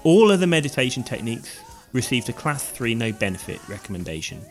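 A man co-hosts a casual podcast, his voice swinging lively up and down as he reads facts aloud with frequent restarts. Faint music sits underneath. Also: medium pitch, fast talker. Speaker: podcast co-host.

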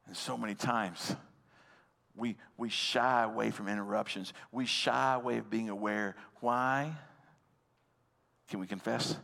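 A man's voice: fairly low pitch, steady tone, a little slow, gravelly, pauses often, sharp tone. Man preaching in a reverberant hall. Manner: conversational preaching that addresses the congregation directly. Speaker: pastor. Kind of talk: sermon. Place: church hall with a live congregation.

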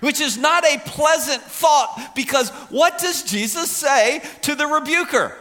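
A male pastor preaching a sermon in an animated, conversational way, acting out quoted lines. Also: very high voice, takes it slowly, pauses often.

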